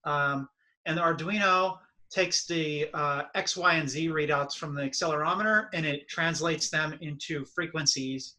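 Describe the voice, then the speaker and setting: Young guy, super bright voice, kinda high, rambly casual chat with lots of likes. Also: steady tone, moderate pace, low-quality recording. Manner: chatty, lots of "like" fillers, explains his project step by step. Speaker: podcast co-host.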